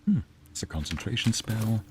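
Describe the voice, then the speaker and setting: A man's voice: lowish voice, sing-song, moderate pace, noisy background. A man streaming a video game, chatting casually with viewers and answering their messages, sometimes slipping into Spanish phrases. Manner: chatty, reads and answers chat aloud, drops into Spanish phrases.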